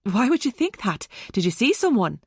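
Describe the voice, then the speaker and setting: A woman voicing a gentle, calm teenage boy who talks in a reassuring way. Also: a little high, normal speed, husky, dry recording, clean studio sound, exaggerated voice.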